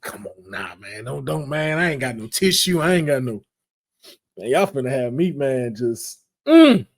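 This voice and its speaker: A man hosting a casual podcast chat, talking in slangy, animated bursts and acting out quotes in playful voices. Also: mid-range voice, moderate pace, gravelly. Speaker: podcast host.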